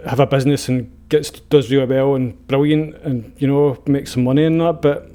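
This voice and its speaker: A Scottish man in casual podcast chat, making his point earnestly with halting restarts. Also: mid-range voice, steady tone, dark tone, soft background music. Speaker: podcast co-host.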